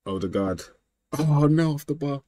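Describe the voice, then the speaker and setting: A young man streaming a football manager game, excitable and slangy, yelling at the match and trash-talking his friend. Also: on the high side, normal speed, no room sound. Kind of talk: casual gaming banter.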